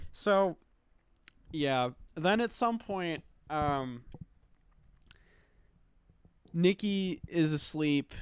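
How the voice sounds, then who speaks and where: A man giving a rambling, emotional recap of a film, halting often, swearing and sighing as he talks. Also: mid-range voice, smooth, no echo. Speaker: film commentator.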